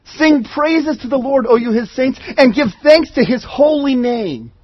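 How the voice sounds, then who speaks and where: A man's voice: very high voice, expressive, unhurried, no echo, muffled recording. A man preaching a sermon as pastor, earnest and conversational, often restarting his phrases.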